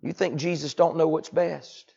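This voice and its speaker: Folksy preacher, hushed to loud. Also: male voice, on the high side, steady tone, normal speed, gravelly, slightly rough, dull audio. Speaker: pastor. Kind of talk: sermon.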